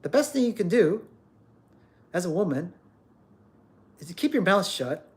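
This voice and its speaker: Animated, blunt ranting man. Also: sits high, a little slow. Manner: emphatic, repeats words, blunt and scolding. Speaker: livestream host. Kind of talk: ranting livestream monologue.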